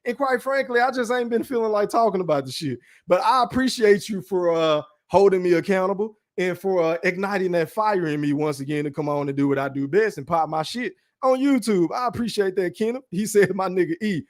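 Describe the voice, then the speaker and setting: High-pitched guy ranting on his podcast, cussing a lot, real blunt and casual. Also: brisk, hardly any pauses. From Texas. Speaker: podcast host. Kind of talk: casual boxing rant and livestream chat.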